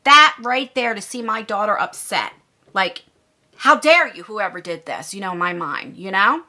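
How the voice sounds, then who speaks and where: A woman's voice: medium pitch, normal speed, bright, forceful tone. A woman in her forties telling a storytime vlog, rambling and indignant as she retells events. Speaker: YouTuber.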